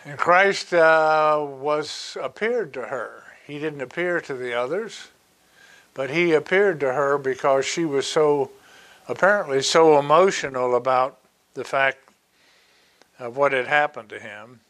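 A man preaching a sermon, reading Bible verses and explaining them with slow, deliberate asides. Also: a little high, fairly bright tone.

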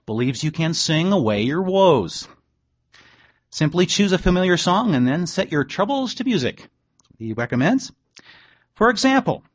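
A pastor delivers a sermon in an easy, talky way, reading passages aloud and dropping dry little asides. His voice sits a bit high for a man, and the recording is dull and lo-fi. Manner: conversational preaching, reads quotes aloud, wry asides.

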